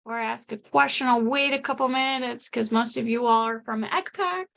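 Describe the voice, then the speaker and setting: Woman, online meeting host, friendly and relaxed, a bit of fry in the voice. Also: a little high, normal speed. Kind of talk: casual online meeting chat. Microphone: video call.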